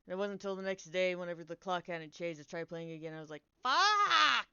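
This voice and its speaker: A young woman chats to her stream in a smooth, resonant voice, rambling animatedly through a story, swearing freely and cutting herself off mid-sentence. The mic sounds dry and a little dull, like lo-fi stream audio. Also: fairly low pitch, fairly even intonation, fast, no echo. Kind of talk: casual storytelling chat.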